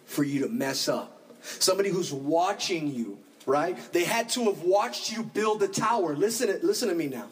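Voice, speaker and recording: A man preaching a sermon as pastor, animated, acting out the voices of his congregation. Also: fairly high pitch, far from the mic, low-quality recording.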